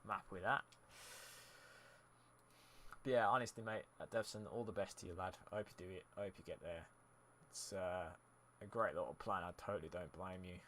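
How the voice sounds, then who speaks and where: Bright-voiced man streaming a game. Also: deep voice, normal speed, long pauses, slight background noise. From United Kingdom. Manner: chatty, answers chat messages while narrating gameplay. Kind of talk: casual live-stream commentary.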